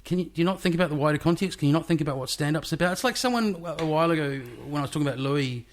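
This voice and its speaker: A man's voice: on the high side, racing. A man hosting a podcast, chatting loosely and agreeing often. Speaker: podcast host. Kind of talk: casual podcast conversation.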